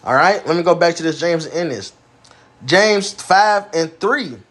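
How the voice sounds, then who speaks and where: A man with a high-pitched voice preaches, reading old scripture verses aloud and then breaking them down in blunt, cursing street slang. His delivery is emphatic and pointed. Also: animated, a little slow, fairly bright tone. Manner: profane, emphatic, reads King James verses then explains in slang; acts out a bragging axe in a mocking voice.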